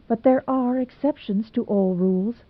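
A woman voicing a level-headed young woman teacher, giving advice in a brisk, cool, sensible way. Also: on the high side, dry recording, pitched above the performer's own voice, natural voice. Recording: tinny phone-like sound, dry.

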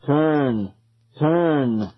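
A man's voice: sits high, huge pitch swings, takes it slowly, husky, lo-fi sound, pitched above the performer's own voice, exaggerated voice. A man voicing a circle of eerie gray ghost children who murmur and chant.

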